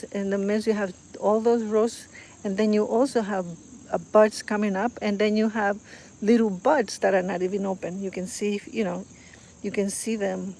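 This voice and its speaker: A woman's voice: mid-range voice, vocal fry, dark tone, a little hiss or hum. A woman chatting casually while filming her garden on a phone, rambling with fillers and gushing over the flowers. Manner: admiring and gushing. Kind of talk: casual vlog chat. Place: outdoor garden. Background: crickets and insects outdoors.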